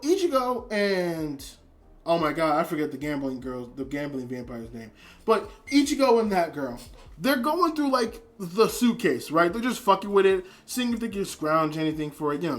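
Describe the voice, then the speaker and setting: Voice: mid-range voice, a bit bright. A speaker giving a casual spoken anime review, rambling with lots of filler words, restarts and casual swearing. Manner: emotionally invested, trails off and restarts.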